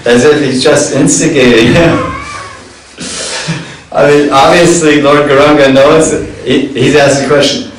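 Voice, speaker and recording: A man's voice: fairly high pitch, steady tone, a little slow, a little hiss or hum. A man teaching a scripture class. He reads verses and then explains them in a chatty way, with chuckles. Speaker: spiritual teacher. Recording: echoey hall, distant mic.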